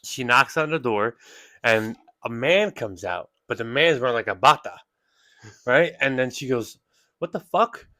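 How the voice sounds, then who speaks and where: A man's voice: medium pitch, expressive, moderate pace, bright, forceful tone, dry recording. A young man co-hosting a podcast, chatting casually, laughing often and retelling stories with acted-out quotes. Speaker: podcast co-host. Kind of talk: casual chat.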